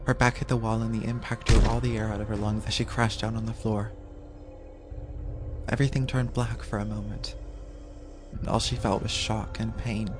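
Guy narrating a spooky audio drama, very flat delivery, loud music under him. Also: on the low side, normal speed.

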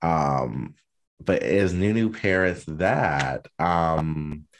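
A man co-hosting a podcast in casual chat, speaking in an expressive, campy and playful way. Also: low-pitched, extremely slow. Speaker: podcast co-host.

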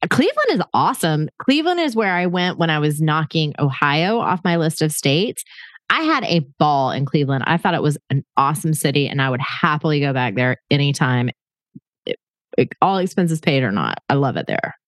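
A woman in her forties hosts a casual podcast, trading quick questions with her sister. Her voice sits low but swings widely as she jokes and laughs. The sound is dry and close. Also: big pitch swings, no room sound. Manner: playful, laughs often. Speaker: podcast host. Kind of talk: casual chat between sisters.

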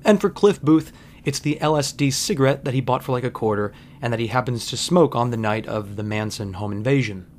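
A man's voice: mid-range voice, fairly quick. A man hosting a podcast, giving a wry, conversational film commentary monologue with frequent asides. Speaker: podcast host.

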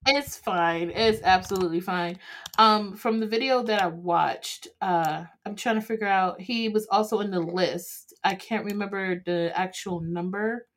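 A woman's voice: medium pitch, a little slow, fairly bright tone. Hesitant, self-deprecating woman co-host. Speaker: podcast co-host. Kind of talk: casual chat.

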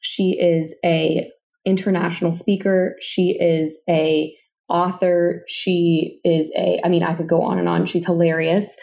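A woman's voice: lowish voice, level tone, a little slow, creaky, dark tone. A woman co-hosting a podcast, telling stories in an enthusiastic, gushing way. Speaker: podcast co-host. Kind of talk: casual motivational podcast chat.

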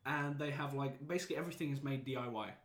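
A young man from Poland telling a story in casual chat, animated, laughing often and swearing freely. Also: mid-range voice, quick pace. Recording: echoey room, faint noise.

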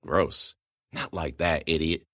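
A man voicing a big bald man who talks in a low, mumbling drawl. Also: fairly even intonation, takes it slowly, fairly bright tone, dry recording, clean studio sound, heavily acted.

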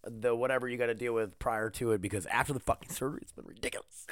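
A man's voice: medium pitch, fairly even intonation, fast talker, a bit bright, dry recording, clean studio sound. A man hosting a casual solo podcast, rambling and swearing with jokes, sore and tired after neck surgery. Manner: rambling, profane, joking. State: in pain after neck surgery, wearing a neck brace. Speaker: podcast host.

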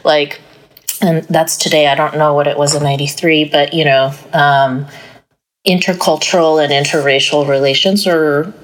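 Low-voiced chatty woman guest. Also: steady tone, normal speed, poor audio. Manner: chatty, leans on "like" as filler. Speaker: executive director of an arts organization, guest. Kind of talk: casual podcast chat.

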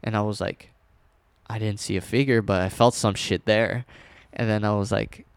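A young man casually telling a scary personal story, rambling with fillers and restarts, dropping to a hush at tense moments. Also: lowish voice, fairly even intonation, moderate pace, clear, resonant tone, dry recording.

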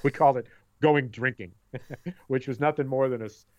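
A man's voice: medium pitch, steady tone, moderate pace, a little mellow, dull audio. A middle-aged man in casual chat, telling rambling stories and repeating his words as he goes.

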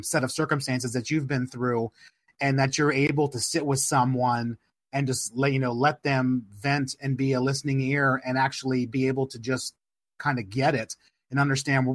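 A man hosting a podcast interview, speaking in a supportive, reassuring, measured way. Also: medium pitch, no room sound, studio quality. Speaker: podcast host.

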